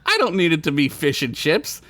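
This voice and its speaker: A man voicing a doting wife in a sweet, flirty falsetto while reading a comedic story aloud. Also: big pitch swings, a little fast, fairly bright tone, no room sound. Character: high-pitched doting wife of the hero.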